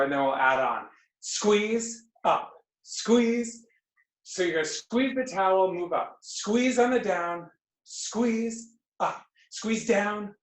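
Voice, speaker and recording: Woman coaching an exercise class, echoey. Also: lowish voice. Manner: brisk counting and cueing, playful asides. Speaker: fitness instructor. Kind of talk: live online exercise class. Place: home room on a video call. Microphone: computer mic on a video call. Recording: echoey room.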